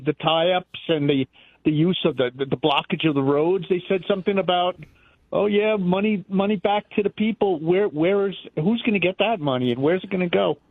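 A man's voice: high voice, dry recording. Tongue-tied male caller on a tinny phone line. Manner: halting, tongue-tied, many restarts. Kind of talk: casual call-in chat.

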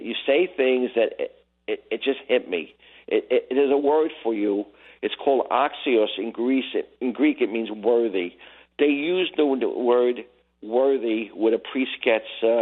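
An older retired man from Brooklyn, calling in to a radio show, talking in an emotional, halting way and repeating himself. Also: mid-range voice, breathy edge. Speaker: caller. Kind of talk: call-in radio chat. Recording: tinny phone line.

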